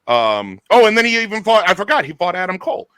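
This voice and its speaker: Man host, casual chat, enthusiastic, bright tone, dry close sound. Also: high-pitched, clean tone, no echo. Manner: animated, enthusiastic, quick restarts. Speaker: podcast host.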